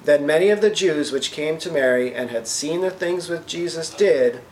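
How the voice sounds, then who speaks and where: A man's voice: a little high, darkish tone, a little hiss or hum. Man preaching in an echoey church. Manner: asks the congregation questions, frequent "right?"; reads scripture slowly, then paraphrases it. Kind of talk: sermon with scripture reading. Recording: roomy echo, faint ambience.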